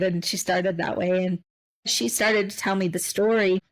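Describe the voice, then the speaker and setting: A woman's voice: mid-range voice, steady tone, normal speed, low-quality recording. A woman co-hosting a casual podcast, talking in a reflective way that turns emotional, with frequent restarts. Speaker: podcast co-host.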